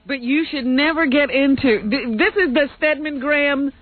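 A woman's voice: high-pitched, normal speed, no echo. A woman co-hosting a radio talk show, challenging the host in casual banter. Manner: challenging, pushes back on the host. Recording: phone-like radio sound with faint music.

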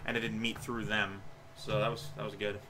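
A man's voice: on the low side, level tone, fairly quick. A man in his twenties speaking to his future self, subdued, earnest and hesitant. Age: 20s. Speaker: vlogger recording a time capsule message. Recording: old video clip with music underneath.

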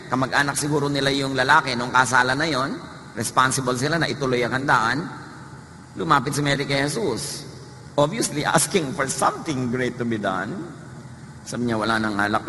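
A man's voice: medium pitch, bright, forceful tone. A man with a Filipino accent preaching a sermon, conversational and humorous, moving between English and Tagalog. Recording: echoey hall, faint noise.

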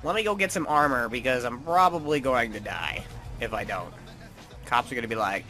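Lively, taunting gaming streamer guy. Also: mid-range voice, a little fast. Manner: taunting, joking, mock-tough trash talk. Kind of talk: gameplay commentary.

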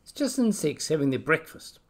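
A man voicing a calm, reassuring mother kiwi in a children's story. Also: a little high, normal speed, voice pushed up. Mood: soothing. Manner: soothing, calm.

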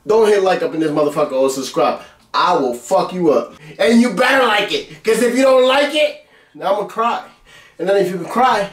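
Male vlog host, brash and boastful, swears constantly, high voice, echoey room, distant mic. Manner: brash, boastful, heavy cursing, mock-angry outbursts. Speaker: web series host. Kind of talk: profane comic rant to camera.

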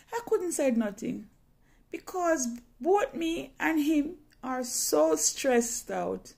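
Woman, personal storytelling, high lively pitch, slow dramatic delivery, repeats phrases. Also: vocal fry.

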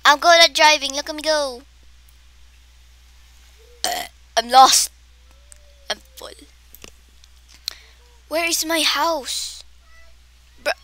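A high-pitched woman chatters through her gameplay. Her bright voice takes its time, and she is playful and dramatic, with frequent gasps. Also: slow, pauses often. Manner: excitable and dramatic, gasping, with playful exaggeration. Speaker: gameplay streamer. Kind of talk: casual gameplay commentary.

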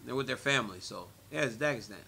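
A man's voice: mid-range voice, fast, creaky, breathy edge. A man in his forties in a media interview, telling stories with lots of laughter and repeated phrases. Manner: animated storyteller, laughs often, repeats phrases. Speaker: interviewee, former fighter and commentator.

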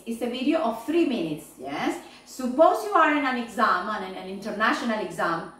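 Slow, high-voiced teacher in an echoey room. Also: female voice, a bit bright, far from the mic. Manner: slow, repeating "yes?" and "okay?" to check understanding. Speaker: English teacher. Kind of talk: online class feedback.

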